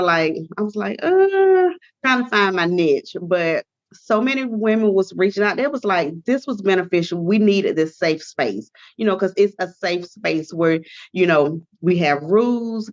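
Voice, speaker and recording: A woman's voice: medium pitch, dry recording. Laughing middle-aged woman, dull dry sound. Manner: laughing storyteller with Southern dialect phrasing. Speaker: ministry and life coach, guest. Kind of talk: casual interview chat.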